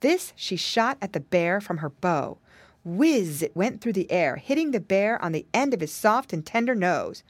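A woman narrating a children's storybook as an audiobook, expressive and animated. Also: medium pitch, normal speed, no room sound.

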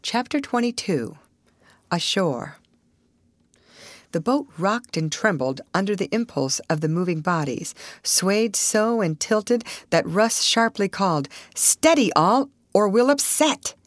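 Expressive woman narrating a classic novel. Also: lowish voice, no echo. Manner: measured, expressive reading. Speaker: audiobook narrator.

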